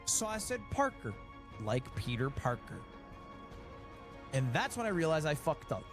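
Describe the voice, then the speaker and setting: Male streamer, late 20s, slightly high and very lively storyteller, wry. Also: moderate pace, over music. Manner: animated, wry storytelling with swings in pitch. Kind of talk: casual storytelling.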